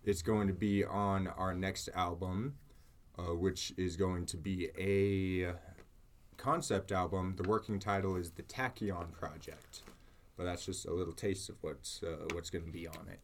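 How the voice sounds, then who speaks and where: A man's voice: low-pitched, fairly even intonation, unhurried, a little hiss or hum. A young man, the lead vocalist of a metal band, chatting casually in an interview with a laid-back, talkative manner. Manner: laid-back, chatty, says "for sure" a lot.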